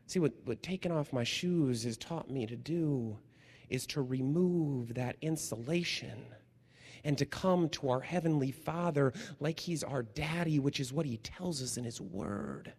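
A man pastor preaching a sermon, telling stories with energy and dropping to hushed, slow tones for emphasis. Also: medium pitch, husky, in a large hall.

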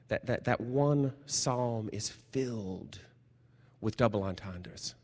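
A man pastor preaching a sermon, telling stories with energy and dropping to hushed, slow tones for emphasis. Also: mid-range voice, big-room sound.

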